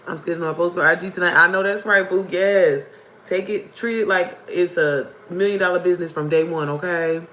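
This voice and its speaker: A young woman with a hoarse voice, hosting a casual livestream and chatting directly to her viewers. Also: lowish voice, steady tone, a little fast, fairly bright tone, poor audio. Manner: chatty, addresses viewers as y'all and baby. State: hoarse from screaming. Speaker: livestream host.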